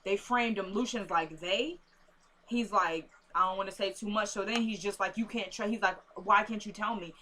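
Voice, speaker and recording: A woman casually recapping a TV episode, acting out characters' lines in an animated, chatty way. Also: medium pitch, moderate pace, slight background noise. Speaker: TV recap host.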